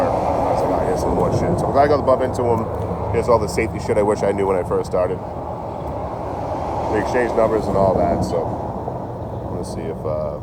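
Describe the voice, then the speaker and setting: A young man chatting casually on a live stream from outdoors, rambling and profane, laughing between thoughts. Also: sits low. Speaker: train-hopping livestreamer. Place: outdoors in town near a store. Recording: phone outdoors with street noise.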